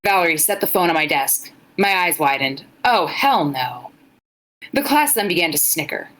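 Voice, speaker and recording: A woman's voice: on the low side, animated, fairly quick, fairly bright tone, low-quality recording. Blunt young woman reading aloud. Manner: dry, blunt, joking. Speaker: podcast co-host. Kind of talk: casual live-stream chat, reading fan fiction aloud.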